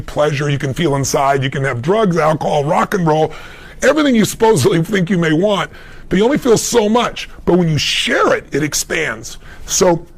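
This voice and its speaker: A middle-aged man, a motivational speaker, answering a question in an emphatic storytelling manner, swinging between loud and soft. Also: fairly high pitch. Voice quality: gravelly, husky. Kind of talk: conversational interview answer.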